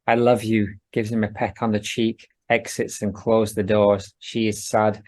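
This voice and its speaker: A man's voice: fairly low pitch, level tone, unhurried, darkish tone. A man co-hosting a podcast in casual chat, playfully reading out scenes from a cartoon. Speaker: podcast co-host.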